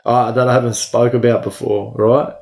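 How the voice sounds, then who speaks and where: Flat and creaky, his darkish mid-range voice moves at a normal speed. The middle-aged Australian livestream host keeps things casual, replying to viewers by name in slang heavy with "bro."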